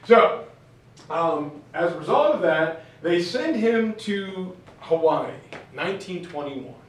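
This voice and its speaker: A male teacher tells a history story to his class in a loose, chatty way. His voice sits a bit high. The classroom echoes heavily and he is far from the mic. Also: slow, slight background noise. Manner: casual, chatty, animated.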